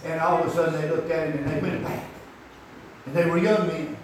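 A man preaching a rambling, folksy sermon that climbs into shouts. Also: a little high, steady tone, fairly quick, background noise. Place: church. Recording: echoey hall from far off.

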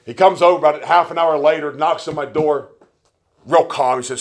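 A man preaching a sermon, telling stories with folksy, joking asides and swinging between quiet remarks and loud emphasis. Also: on the high side, moderate pace.

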